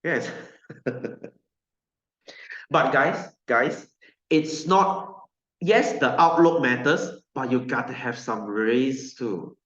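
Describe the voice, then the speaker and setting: A man's voice: medium pitch, extremely slow, a bit bright. A man with a Malaysian English accent teaching a science class online in a playful, joking, chatty way. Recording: echoey room, slightly dull lo-fi sound.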